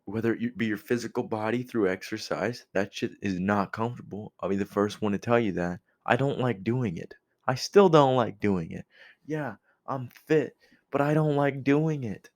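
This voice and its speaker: A young man giving a casual motivational monologue, blunt and profane, animated as he talks. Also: medium pitch, normal speed. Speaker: vlogger.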